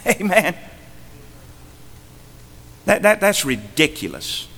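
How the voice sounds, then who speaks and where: Animated man preaching in a reverberant church. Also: a little high, normal speed, pauses often. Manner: animated preaching, swinging from emphatic to hushed. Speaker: pastor. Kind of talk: sermon. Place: church sanctuary.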